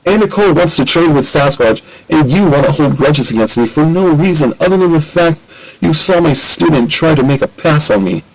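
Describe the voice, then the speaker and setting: Give me a hot-headed young man, high and strained, as a man voices him. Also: measured pace, close to an everyday voice, rough recording. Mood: defensive. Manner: high-pitched, strained, yelling. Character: hot-headed young male hero, pleading and yelping.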